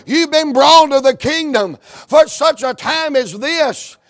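A preacher with a strikingly high voice, taking his time and leaning on each word. He repeats his phrases in a steady rhythm and climbs into shouts. His sermon carries stretches of quoted back-and-forth dialogue. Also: takes it slowly. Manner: tells stories with quoted dialogue.

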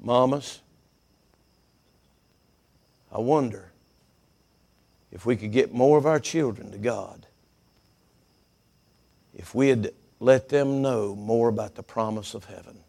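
A man's voice: medium pitch, a little slow, vocal fry, long pauses, mellow. A middle-aged man preaching a sermon, telling folksy stories and repeating words for emphasis.

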